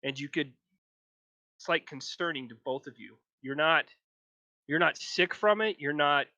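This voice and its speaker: A game master narrating a live tabletop game in slow, deliberate descriptive passages. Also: mid-range voice, pushed and bright, dry recording, muffled recording. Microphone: headset or desk mic for a live stream.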